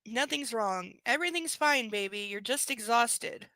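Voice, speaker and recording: A woman voicing an anxious young husband in a romance novel reading, speaking softly and pleadingly. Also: a little high, lively intonation, a little slow, no echo. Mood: soothing. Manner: soft, pleading, reassuring.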